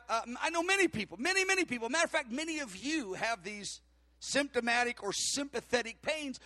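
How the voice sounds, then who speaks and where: Preacher, male, high bright voice, dry close sound, storytelling sermon. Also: no echo. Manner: storytelling, acts out dialogue, animated. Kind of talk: sermon with anecdote.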